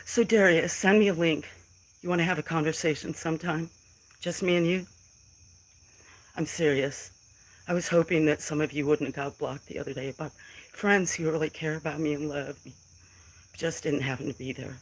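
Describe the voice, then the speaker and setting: A woman's voice: low voice, steady tone, moderate pace, long pauses, rough recording. A middle-aged woman on a casual phone livestream, talking back to trolls in chat in a defiant, emotional way. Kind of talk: casual live stream talk to chat.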